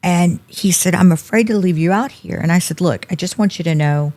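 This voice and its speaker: A middle-aged woman with a drawl and a somewhat low voice tells her story in an interview. She speaks in an animated way and slips into the voices of the people she quotes. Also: brisk. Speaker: podcast guest.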